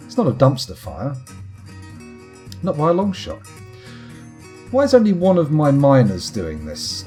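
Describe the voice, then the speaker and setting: A man's voice: medium pitch, warm tone. A man streaming a game late at night, chatting in a rambling, wry, self-mocking way to his viewers. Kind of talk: casual live-stream chat while gaming.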